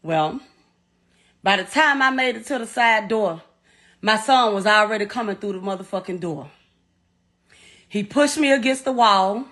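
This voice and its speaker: A middle-aged woman with a lively, slightly bright mid-range voice speaks at normal speed but pauses often. Interviewed about her personal experience, she is emotional, blunt and profane, repeating herself as she goes.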